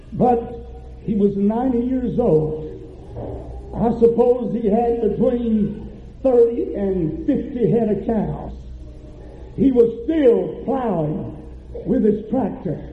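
A man preaching as pastor, telling a story with mounting fervor and drawn-out emphasis. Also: sits high, slight background noise. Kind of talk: sermon. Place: church sanctuary. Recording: echoey church, tinny phone-like audio.

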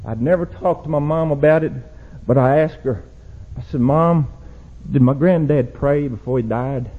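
A young man preaching a sermon, swinging from low, quiet warnings to loud shouted exhortation. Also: normal speed. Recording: dull lo-fi church recording.

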